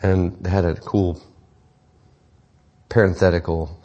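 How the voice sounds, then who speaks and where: A man's voice: low voice, little pitch movement, slow, mellow, lo-fi sound. A middle-aged man preaching a sermon to parents in a conversational, joking way, with self-deprecating asides. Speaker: pastor.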